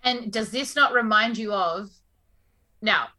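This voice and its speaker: Bright-voiced playful woman. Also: medium pitch, takes it slowly. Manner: teasing, playful. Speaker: podcast co-host. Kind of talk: casual chat.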